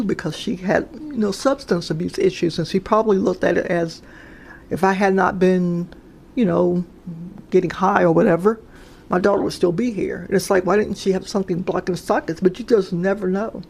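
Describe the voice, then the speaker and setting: Sharing personal paranormal stories in a loose, spoken way, this woman hesitates, rambles, and fills gaps with restarts and fillers. She has a fairly low, gravelly voice, a little mellow with a breathy edge.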